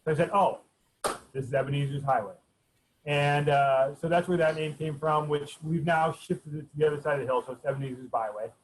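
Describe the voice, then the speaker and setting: A man answering interview questions in a relaxed way, pausing often with fillers as he recalls things. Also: a little high, low-quality recording. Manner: hesitant, many fillers and restarts. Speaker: race director.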